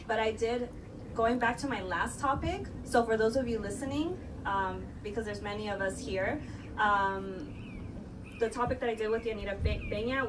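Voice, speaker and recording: A woman's voice: mid-range voice, far from the mic, noisy background. A woman host of a live podcast panel, telling stories in a chatty way and laughing often.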